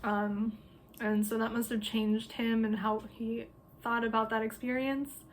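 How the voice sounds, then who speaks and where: A woman's voice: on the high side, little pitch movement, measured pace, slight background noise. A woman astrologer casually retelling a memoir, talking loosely with lots of "um" and "like" fillers. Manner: loose, filler-heavy talk with frequent "um" and "like".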